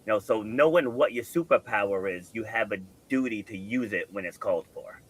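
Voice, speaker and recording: A man's voice: lowish voice, brisk, breathy edge. A middle-aged man hosting a casual podcast conversation, telling a story earnestly and acting out the quoted dialogue. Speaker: host.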